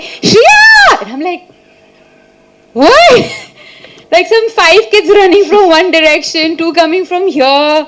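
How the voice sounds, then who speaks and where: A woman's voice: sits high, poor audio. A woman actress answering press questions in a chatty, playful way, laughing often and restarting her sentences. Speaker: actress at a film press meet. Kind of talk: casual press-meet answers.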